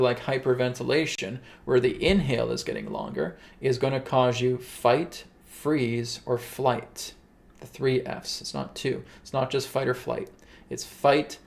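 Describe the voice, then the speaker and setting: A man hosting a spiritual gathering, explaining breathing practice in quick, conversational talk with frequent check-ins to listeners. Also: mid-range voice, gravelly. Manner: quick, conversational, keeps asking "right?". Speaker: spiritual teacher and host. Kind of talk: casual spiritual teaching.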